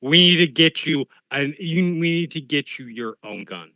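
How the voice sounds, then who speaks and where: A man's voice: on the high side, expressive, moderate pace, sharp tone, dry recording, lo-fi sound. A man playing a tabletop role-playing game, joking and speaking in character in first person. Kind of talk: casual game table chat.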